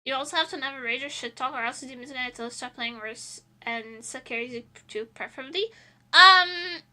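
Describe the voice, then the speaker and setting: A woman's voice: sits high, brisk, bright, forceful tone. A woman streamer chatting casually while she draws, rambling and laughing often between thoughts.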